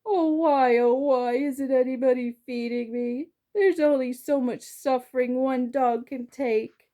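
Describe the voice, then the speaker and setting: A woman's voice: high voice, steady tone, measured pace, mellow, pitched above the performer's own voice. A woman doing a whiny, dramatic pet dog. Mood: pleading whine. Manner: pleading, whimpering, dramatic. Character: excitable, whiny, food-loving pet dog. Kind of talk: children's book read-aloud.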